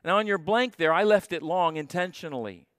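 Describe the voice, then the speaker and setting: A man preaching a sermon as a guest pastor, stressing key phrases and slowing down to repeat them. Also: high-pitched, fairly bright tone, dry recording, studio quality. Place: church sanctuary.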